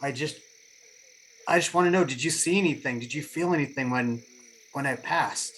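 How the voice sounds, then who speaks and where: A man speaking as his character at a gaming table, earnest and heartfelt in his telling. His voice is of middle pitch, with a faint wash of night ambience underneath. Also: moderate pace, fairly bright tone, slight background noise, low-quality recording. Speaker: player. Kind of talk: in-character tabletop role-play.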